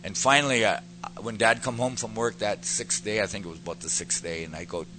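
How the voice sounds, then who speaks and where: A man's voice: on the low side, a little fast, pushed and bright, slight background noise, poor audio. A man giving an earnest personal testimony that turns into preaching, building to emphatic peaks as he speaks to a pastor.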